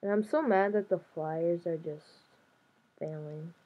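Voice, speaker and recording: A woman's voice: on the low side, measured pace, muffled recording. A young woman casually commenting on her own video game play, chatty and playful, talking to herself as she goes. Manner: chatty, playful, talks to herself while playing. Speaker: gaming YouTuber. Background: keyboard and mouse clicks.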